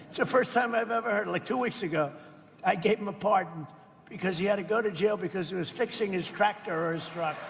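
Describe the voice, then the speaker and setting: A man's voice: high-pitched, fairly quick, vocal fry. An older man giving a rambling, boastful off-the-cuff speech at a live event, often asking the crowd questions. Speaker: political speaker. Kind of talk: off-the-cuff campaign-style speech. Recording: reverberant hall with faint background ambience.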